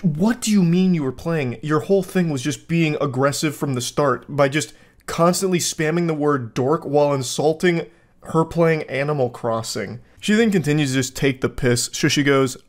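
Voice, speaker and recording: A man with a slightly high-pitched voice delivers sarcastic, mocking commentary on a string of creepy text messages. He sounds exasperated and incredulous, and he often laughs at what he reads. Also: moderate pace. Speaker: commentator reading texts.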